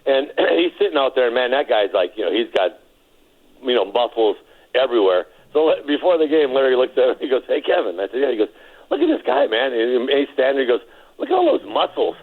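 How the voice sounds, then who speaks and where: A man's voice: medium pitch, quick pace, narrow, tinny audio. A man telling an anecdote in an interview, chuckling as he goes. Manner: chuckling storyteller, lively.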